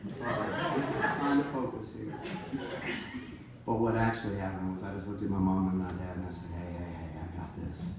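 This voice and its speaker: A man telling a comic story on stage in a live venue, animated and profane, with frequent asides to the audience. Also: on the low side, fairly quick. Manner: animated, profane, playful, talks straight to the audience. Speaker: musician telling stories on stage. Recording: echoey venue, distant mic, audience noise.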